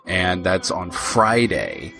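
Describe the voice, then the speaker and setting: A man from Indiana co-hosting a podcast in casual chat, animated and quick to exclaim. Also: deep voice, gravelly, music in the background. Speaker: podcast co-host.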